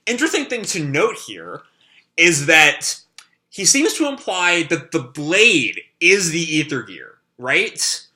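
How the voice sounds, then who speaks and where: A man reads a comic aloud and comments on it as he goes. He is loose and chatty and fills his lines with pauses. The voice is bright, a little high and very animated. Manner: loose and chatty, with many fillers. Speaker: reaction video host. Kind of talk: casual live reading and commentary.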